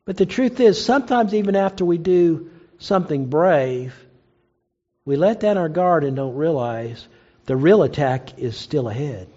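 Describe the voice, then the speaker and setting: Male preacher with a high voice, storytelling sermon delivery, dull lo-fi recording. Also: unhurried, mellow. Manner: storytelling, acts out quoted lines with rising pitch.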